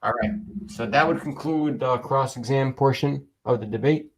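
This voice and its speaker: A man moderating an online debate who speaks calmly and even-handedly as he keeps the debaters in order. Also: medium pitch, moderate pace, a little hiss or hum, low-quality recording.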